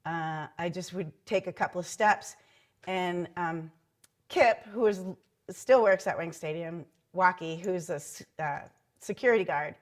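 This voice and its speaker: A woman's voice: on the low side, unhurried. A middle-aged woman, a former team mascot, recounting mishaps in a chatty oral history interview with frequent ums and likes. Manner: chatty anecdotal telling with many ums and likes.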